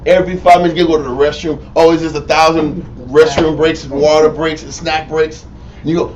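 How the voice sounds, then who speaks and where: A man's voice: on the high side, a little fast. Lo-fi distant Texan man teaching scripture. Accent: Texas. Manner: animated, profane, mimics people, laughs. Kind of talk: informal Bible teaching. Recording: lo-fi room recording from a distance with faint noise.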